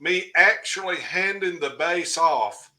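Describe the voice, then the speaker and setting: A man's voice: high-pitched, takes it slowly. An older man, telling a personal story as a podcast guest and acting out the dialogue. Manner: lively storyteller who acts out quoted dialogue. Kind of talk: casual anecdote telling on a podcast.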